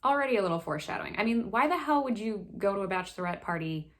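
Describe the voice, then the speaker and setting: A woman's voice: medium pitch, lively intonation. Sassy woman recapping a thriller. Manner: sassy, chatty, quick asides. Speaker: book review host. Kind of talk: casual book recap.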